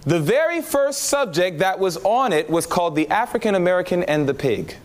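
A man preaching his testimony, telling the story in an animated way and acting out his own reactions. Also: high-pitched, brisk, a little hiss or hum. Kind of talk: testimony sermon.

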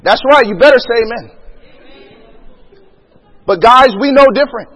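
Male preacher, very high pitch, emphatic sermon with rhetorical questions, long hall echo. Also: moderate pace, fairly bright tone, husky, a faint crowd.

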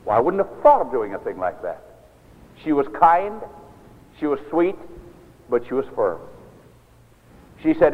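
A minister telling a story in a sermon, earnest and measured, often quoting scripture. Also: male voice, fairly high pitch, sing-song. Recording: tinny lo-fi recording in an echoey hall.

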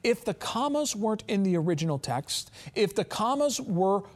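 A man preaching as pastor, reading scripture aloud and stressing phrases with slow, drawn-out emphasis. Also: high-pitched, sing-song. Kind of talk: sermon.

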